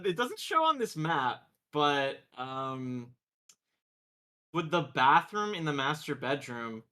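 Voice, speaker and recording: A man playing in a tabletop game, asking questions in a casual, animated way. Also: a little high. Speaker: player. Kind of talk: casual chat.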